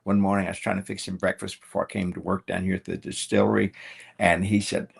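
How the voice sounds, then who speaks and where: An older man's voice, deep-set and heavily gravelly, with a husky, roughened edge. He tells a personal story to his podcast hosts at an unhurried storyteller's pace. He slips into the voices of the people in the tale as he goes. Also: level tone. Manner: warm storyteller acting out quoted dialogue. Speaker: guest.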